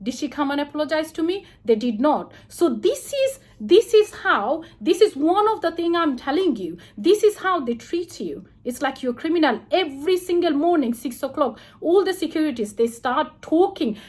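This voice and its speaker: High-voiced indignant woman vlogging a grievance. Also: sing-song. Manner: indignant, rapid retelling with quoted back-and-forth. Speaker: vlogger recounting a complaint. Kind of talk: heated personal account to camera. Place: quarantine hotel room.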